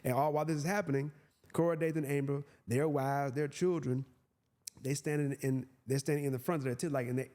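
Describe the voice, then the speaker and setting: A man's voice: on the high side, fairly even intonation, a little fast, darkish tone. A man hosting a podcast who reads scripture aloud and explains it in a conversational way, laughing often. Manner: conversational, laughs often, frequent "you know what I mean". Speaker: podcast host.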